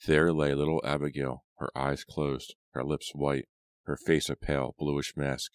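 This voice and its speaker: Deep-voiced male reader for a horror audiobook, measured and dramatic, close and dry. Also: flat delivery, clean tone, dry recording. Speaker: audiobook narrator. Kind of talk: scripted narration.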